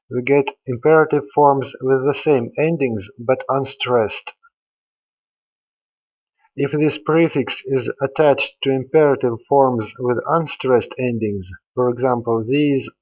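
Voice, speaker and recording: A man giving a scripted grammar lecture as a language teacher, explaining each step in a deliberate, methodical way. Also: mid-range voice, darkish tone. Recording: dull lo-fi voice-over.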